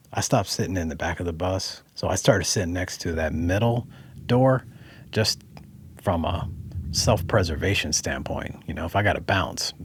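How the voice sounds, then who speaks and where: Husky low-voiced man telling stories. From Dayton, Ohio. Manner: animated, conversational, acts out quotes. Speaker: storyteller. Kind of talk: personal storytelling.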